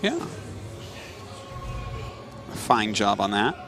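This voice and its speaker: A man casting a strategy game match live, calling the action in an upbeat, animated play-by-play. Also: fairly low pitch, very slow, faint music behind. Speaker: esports caster.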